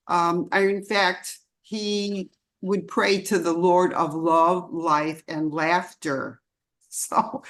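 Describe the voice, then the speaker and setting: An older woman, a longtime disciple, telling personal stories in a chatty, meandering way and laughing often at a spiritual celebration. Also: medium pitch. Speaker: longtime disciple sharing memories.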